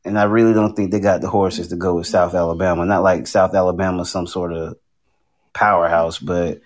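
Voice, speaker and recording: A man co-hosting a casual sports chat, laying out his picks with measured, wry reasoning. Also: low voice, flat delivery. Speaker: sports podcast co-host.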